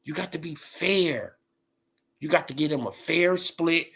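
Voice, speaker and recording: A man's voice: fairly high pitch, a little slow, gravelly, breathy edge. A man ranting casually about boxing on a livestream, full of laughs and repeated fillers. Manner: laughing, animated, repetitive fillers. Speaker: boxing commentator.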